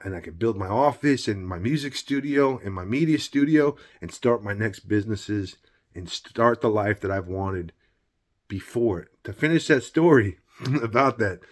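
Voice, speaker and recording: A man's voice: on the low side, lively intonation, moderate pace. A middle-aged man telling a personal story in a vlog, rambling and heated, often asking "you know what I mean". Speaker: vlogger.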